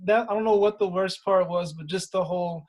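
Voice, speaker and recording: A man speaking as a first-time home buyer guest in casual conversation, halting and restarting as he lists things. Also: high voice, steady tone, darkish tone.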